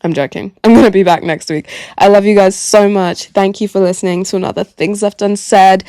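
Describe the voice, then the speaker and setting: Hoarse young woman chatting on her podcast. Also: mid-range voice, fairly even intonation, brisk, few pauses, a little mellow, no echo. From Gambia. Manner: chatty, self-mocking, rambling. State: hoarse, sore throat. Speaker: podcast host. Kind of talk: casual solo chat. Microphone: podcast microphone.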